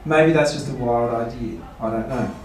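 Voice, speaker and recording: A man's voice: mid-range voice, normal speed. A man, a pastor giving a seminar talk, asking rhetorical questions and playfully mock-quoting people. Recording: echoey room, voice from far off.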